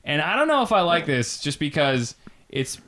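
A man's voice: fairly high pitch, sing-song, moderate pace, fairly bright tone. A man hosting a podcast in casual comedic chat, sardonic and mocking. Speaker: podcast host.

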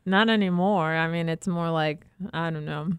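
A woman co-hosting a podcast in casual chat, teasing and laughing often, animated when she retells things. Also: low voice, normal speed, clear, resonant tone, dry recording, dull audio. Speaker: podcast co-host, nurse.

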